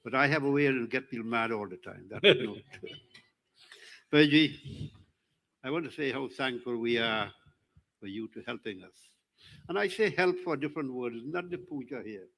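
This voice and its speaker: A man's voice: medium pitch, normal speed, creaky, pauses often, fairly bright tone, low-quality recording. An older man from Trinidad, giving a rambling, joking speech to an audience at a live religious event on a handheld mic. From Trinidad and Tobago. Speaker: community speaker at the event.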